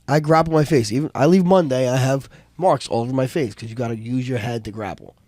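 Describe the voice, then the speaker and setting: A man's voice: mid-range voice, fast, a little mellow, no echo, clean studio sound. A man as a podcast guest, telling fight stories in casual, profane chat and acting out the voices of people he quotes. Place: podcast studio couch.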